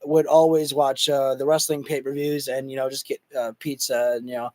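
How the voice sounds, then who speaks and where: A man hosting a wrestling livestream who talks casually to his chat, rambling and excitable with lots of fillers, and is losing his voice. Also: medium pitch, normal speed, no room sound. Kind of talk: casual live commentary to chat.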